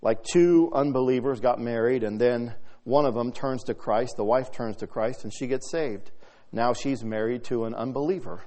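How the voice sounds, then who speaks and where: A man preaching a sermon, reading scripture aloud and swinging from soft talk to loud, emphatic delivery. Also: mid-range voice, moderate pace.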